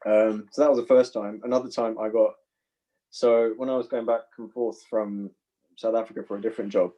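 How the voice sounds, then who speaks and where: A man's voice: lowish voice, level tone, fairly quick, warm tone, highs cut off. A man, an actor guest on a podcast, telling laid-back anecdotes with chuckles. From London. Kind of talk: casual podcast storytelling.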